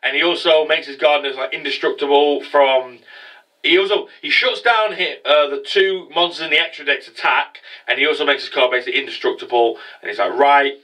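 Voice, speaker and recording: A man's voice: fairly high pitch, a little fast, pushed and bright, recorded from a distance, poor audio. A man casually recapping an anime episode as a reviewer, rambling with lots of swearing and fillers. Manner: rambling, profane, many fillers.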